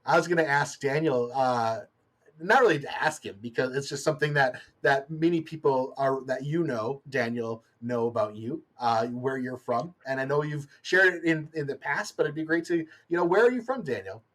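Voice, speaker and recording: A man's voice: medium pitch, moderate pace, a bit bright. A young man hosting a loose, casual online chat show. He laughs easily and talks hesitantly, stopping and restarting with plenty of ums. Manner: giggly, hesitant, lots of ums. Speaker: host.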